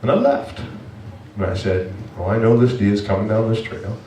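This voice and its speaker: A male pastor telling a personal story in a sermon, animated and emotional, with many restarts. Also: lowish voice, moderate pace, distant mic, slight background noise. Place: church sanctuary. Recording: echoey church room from afar.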